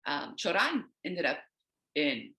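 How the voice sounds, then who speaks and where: A woman poet from the United States, a guest on a video call, talking in a discursive, animated way and wandering onto tangents. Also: deep voice, slow pace, gravelly, roomy sound. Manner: animated, acts out quoted voices. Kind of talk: casual conversation.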